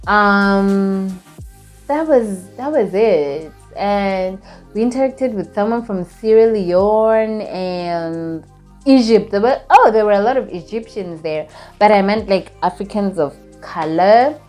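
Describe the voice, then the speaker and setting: A young woman from Botswana recapping a trip in a casual vlog, chatty and animated, with lots of fillers. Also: medium pitch, takes it slowly, faint music behind. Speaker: vlogger.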